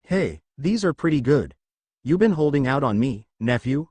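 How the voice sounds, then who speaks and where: A man's voice: mid-range voice, moderate pace, husky, no room sound. A man voicing a laid-back joking uncle who likes to tease his nephew, read for a fan fiction story. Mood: easygoing. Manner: teasing, relaxed.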